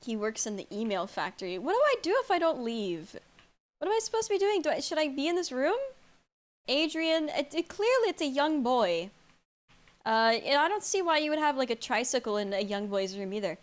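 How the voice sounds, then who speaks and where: High, lively woman streaming a game. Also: a little fast. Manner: chatty, reacts to the game and answers chat aloud, laughs often. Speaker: streamer playing a horror game. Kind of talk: casual live-stream chatter.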